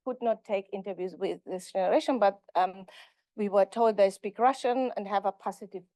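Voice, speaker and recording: A woman professor giving an academic conference lecture, halting and correcting herself as she goes. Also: mid-range voice, dark tone, no echo. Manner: halting, self-correcting delivery. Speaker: linguistics professor.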